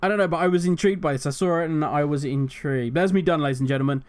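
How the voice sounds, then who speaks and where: A man's voice: on the high side, very fast, clean tone. A man hosting a gaming channel, ranting animatedly with exasperated rhetorical questions. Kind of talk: casual commentary rant.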